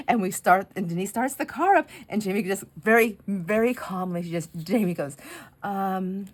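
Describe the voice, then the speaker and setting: A middle-aged woman chatting casually while crafting, telling rambling stories full of fillers and laughs. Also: mid-range voice. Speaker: craft vlogger.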